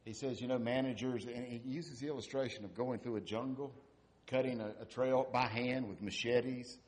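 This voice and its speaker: A man's voice: medium pitch, steady tone, normal speed, a little mellow. A man preaching a sermon, asking repeated rhetorical questions and building to emphatic peaks.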